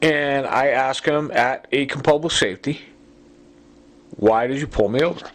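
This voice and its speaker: A man's voice: mid-range voice, moderate pace. A man in an urgent, rambling monologue, accusing people and stacking fillers and asides as he talks. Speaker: self-recorded complainant. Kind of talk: agitated monologue.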